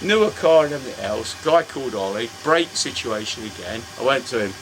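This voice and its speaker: A man's voice: mid-range voice, big pitch swings, fairly quick, noisy background. A man in casual, sweary chat, telling a story and acting out both sides of it. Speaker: storytelling co-host. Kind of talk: casual pub-style chat.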